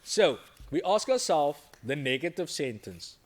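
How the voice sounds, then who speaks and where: A man's voice: a little high, sing-song, a little slow, slight background noise. A male teacher giving an exam-prep lesson, stressing key points and checking in with the class after every few sentences. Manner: emphatic, repeats key points, checks in with "okay?" and "right?".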